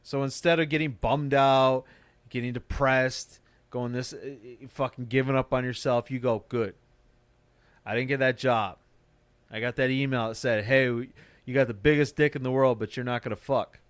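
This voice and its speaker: A man's voice: mid-range voice, steady tone, moderate pace, smooth, no room sound. A man who does stand-up, hosting a podcast and ranting in a casual, profane, motivational way. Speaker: podcast host; stand-up comic. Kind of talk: casual chat.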